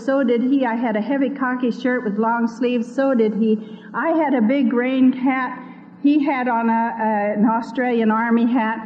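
An older woman, fairly high-voiced, recounts a missionary memory with earnest, lively storytelling and acts out the voices she quotes. The sound is dull and lo-fi, with a long reverb trailing each phrase. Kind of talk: personal testimony talk.

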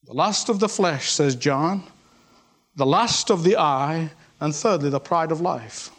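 High-pitched guy preaching a sermon, punchy, repeats lines, acts out quotes. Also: measured pace, fairly bright tone.

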